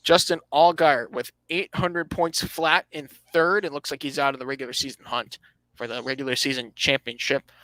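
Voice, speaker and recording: A man's voice: mid-range voice, steady tone, normal speed, bright, forceful tone, no echo, poor audio. A man hosting a casual motorsport podcast, reading out standings and giving his opinions with dry sarcasm, often restarting his phrases. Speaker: podcast host.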